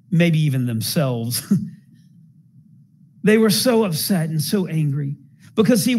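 A man's voice: sits high, a little mellow. A man preaching a sermon, telling stories and asking the congregation rhetorical questions. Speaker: pastor.

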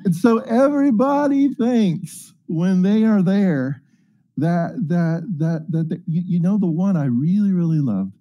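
A man's voice: high-pitched, animated, measured pace, warm tone, muffled recording. A man preaching a casual, folksy sermon, chatty and joking as he reads and explains scripture. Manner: folksy, chatty, jokes and asides.

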